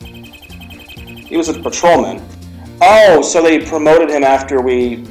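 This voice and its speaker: Young guy doing a lets play, reads the lines out loud, jokey, bits of game music behind. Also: a little high, takes it slowly, low-quality recording. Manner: animated and jokey, reads lines aloud with stumbles. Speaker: let's play host. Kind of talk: let's play commentary, reading and voicing the dialogue.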